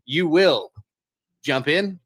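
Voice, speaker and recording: A man hosting a podcast, wrapping up in a loose, halting way with casual swearing. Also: a little high, a bit bright, breathy edge, dry recording, clean studio sound. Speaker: podcast host.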